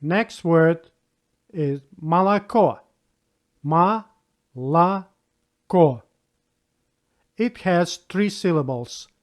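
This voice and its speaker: Guy teaching a beginner lesson, slightly high voice, talks slow and patient. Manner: patient, spells out rules and repeats example words. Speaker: language teacher. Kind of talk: slow spoken language lesson.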